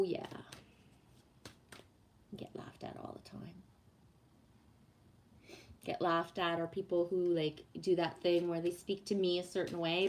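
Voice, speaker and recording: A woman's voice: lowish voice, slight background noise. Blunt, swearing woman. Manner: blunt, swears freely, animated rants. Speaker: livestream host reading oracle cards. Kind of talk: casual live chat with viewers.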